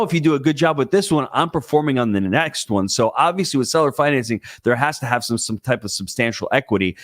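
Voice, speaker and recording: A man speaking on a conference panel, explaining investing with an energetic, emphatic coaching tone. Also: medium pitch, dry recording, clean studio sound. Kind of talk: live panel talk. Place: conference stage.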